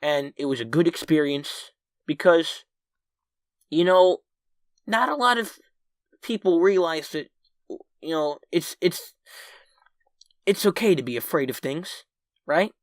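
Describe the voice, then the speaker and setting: Bright-voiced man telling a rambling story. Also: on the high side, a little slow, long pauses, no echo, clean studio sound. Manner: animated, acts out his own panicked past self; rambling with restarts and "right?" asides. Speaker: channel's featured storyteller. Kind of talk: casual spoken storytelling to camera.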